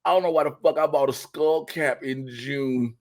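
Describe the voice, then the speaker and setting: A man hosting a podcast, telling a funny story in casual chat with big excited outbursts. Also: mid-range voice, moderate pace. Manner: animated, swings into loud excited shouts and laughs. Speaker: podcast host.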